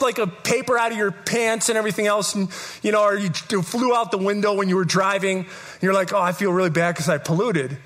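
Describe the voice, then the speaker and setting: Bright-voiced emphatic preacher man. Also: sits high. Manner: emphatic, repeats phrases, builds to shouts. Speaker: pastor. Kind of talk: live sermon. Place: church service, in front of a congregation.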